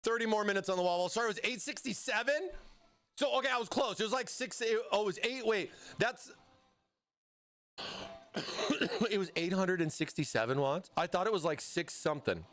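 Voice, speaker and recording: A man's voice: high voice, brisk, a bit bright. An American man hosting a casual live stream, chatting with viewers while he builds a PC, often breaking off mid-sentence to answer chat. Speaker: livestream host building a PC.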